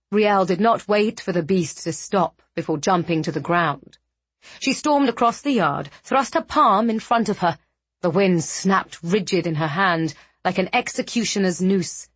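A woman narrating a fantasy novel with measured, dramatic storytelling. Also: mid-range voice, breathy edge, dry recording. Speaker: audiobook narrator.

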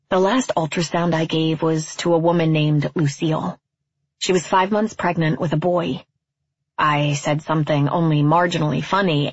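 A woman from California narrating a first-person story in a wry, deadpan, reflective way. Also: on the low side, slightly rough, no room sound, highs cut off.

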